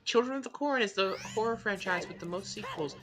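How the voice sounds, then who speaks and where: A woman giving casual commentary on a video game race, playful and teasing with deadpan humor. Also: medium pitch, brisk, background noise. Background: music.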